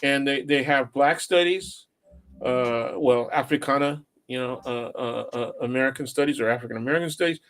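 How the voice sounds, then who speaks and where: A man's voice: medium pitch, normal speed, a bit bright. A man talking casually as an academic guest, hesitant, with many fillers. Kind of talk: casual conversation.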